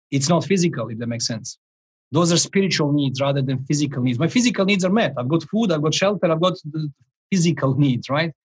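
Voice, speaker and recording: A life coach in his forties tells a story during a podcast interview, animated and rambling, often restarting and chuckling. His voice sits on the high side and is slightly rough, and the recording itself is rough.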